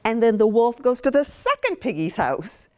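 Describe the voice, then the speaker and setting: A woman's voice: on the high side, very animated, moderate pace. A woman from Maine, a children's author, giving an interactive lesson to young children and coaxing the class to join in. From Maine, USA.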